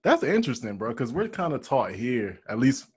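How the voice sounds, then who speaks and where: A man from the United States hosting a podcast, relaxed in casual chat, laughing often and agreeing quickly. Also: mid-range voice, breathy edge, no echo. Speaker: podcast host.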